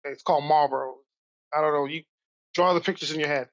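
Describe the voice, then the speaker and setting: A man from Brooklyn, a podcast guest telling animated stories from his youth. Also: fairly high pitch, fast, lo-fi sound. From Brooklyn, New York. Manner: animated, acts out voices in stories. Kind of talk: casual storytelling.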